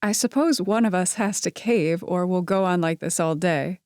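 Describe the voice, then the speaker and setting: A woman's voice: lowish voice, normal speed, darkish tone, smooth, no echo, clean studio sound, close to an everyday voice. A woman voicing a witty young woman in a romance story, speaking in a teasing, quippy way.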